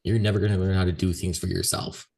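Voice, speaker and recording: A man's voice: low voice, flat delivery, quick pace, creaky, darkish tone. A man co-hosting a podcast, laid back and swearing casually while backing up his co-host. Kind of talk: casual chat.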